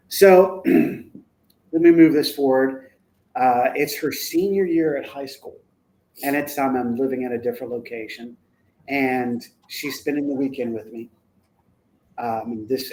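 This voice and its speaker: A middle-aged man in his forties tells a heartfelt family story on a talk show. His delivery is earnest and emphatic, with his voice jumping higher and louder when he presses a point. His pitch sits in an ordinary middle range for a man. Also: a little hiss or hum, poor audio. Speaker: parent of the guest.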